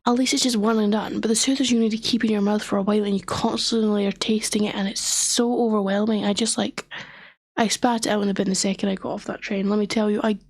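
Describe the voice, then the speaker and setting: Telling a story on her stream, a young woman talks fast at a medium pitch, her sore throat leaving her voice worn. She stays animated yet keeps dropping to a whisper, and the recording is dry.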